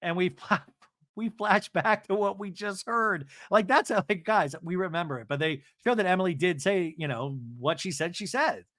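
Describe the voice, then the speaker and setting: A male podcast host giving a comedic TV recap, telling it in an animated, gossipy way. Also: high voice, normal speed, no echo, studio quality.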